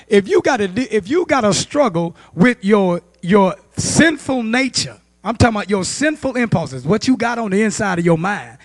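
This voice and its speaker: A male pastor, teaching a Bible study with call-and-response, rising to loud emphasis and dropping to quiet asides. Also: high-pitched, no room sound. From United States. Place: church.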